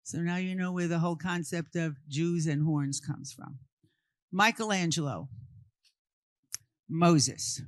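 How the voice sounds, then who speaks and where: A woman's voice: fairly low pitch, no echo. New woman teaching art history, keeps quizzing the group, dry close sound. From Brooklyn, New York. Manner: quizzes the audience with quick questions, then answers them. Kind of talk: interactive talk to a live group.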